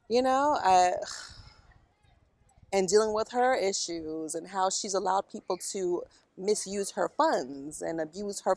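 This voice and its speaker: A middle-aged woman speaking frankly and emotionally outdoors in a park, blunt and sometimes swearing, about her own struggles. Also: medium pitch. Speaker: interviewee. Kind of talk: candid conversation.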